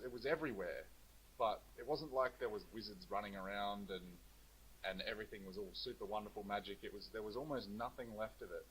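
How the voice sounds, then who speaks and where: A man's voice: on the low side, a bit bright, a little hiss or hum, low-quality recording. A young man, a co-author on a video call, talking casually and hesitantly with many fillers. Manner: hesitant, lots of ums and uhs. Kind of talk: casual chat.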